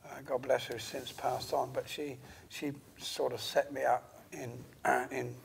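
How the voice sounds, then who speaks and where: A man telling his story as an interview guest, hesitant and full of pauses. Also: mid-range voice, flat delivery, vocal fry, a little hiss or hum. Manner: hesitant, many pauses and fillers. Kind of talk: halting conversational storytelling.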